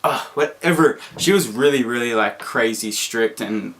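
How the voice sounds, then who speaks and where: A young Australian man vlogging, telling a story in a casual, animated way and jumping into high squeaky voices when he acts out what people said. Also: moderate pace.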